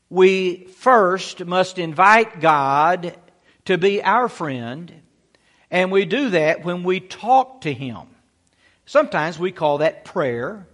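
Bright-voiced, high-pitched preacher. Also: male voice, in a large hall. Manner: exhorting, peppered with "amen" and rhetorical questions. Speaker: pastor. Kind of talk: sermon.

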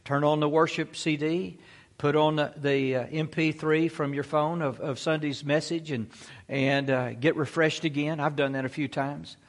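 A man's voice: a little high, fairly even intonation, moderate pace. A male pastor preaching a folksy sermon in a church, sprinkling his talk with amens and praise Gods. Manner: folksy, peppers speech with amen and praise God.

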